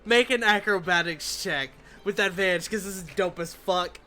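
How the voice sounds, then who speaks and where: A man running a tabletop game as game master, narrating scenes in a casual, animated way with swearing. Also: high-pitched, moderate pace.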